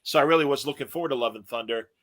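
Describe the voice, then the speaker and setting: Bright-voiced chatty man. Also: mid-range voice, racing. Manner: chatty, reads out listener comments. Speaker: podcast host. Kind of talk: casual chat.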